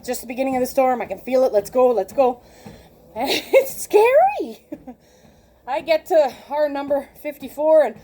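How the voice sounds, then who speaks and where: A woman in her late forties telling a personal story in a casual, animated way, laughing often and acting out the conversations she recounts. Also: high voice, brisk. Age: 40s. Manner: animated, laughs often, acts out quoted exchanges. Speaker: vlogger.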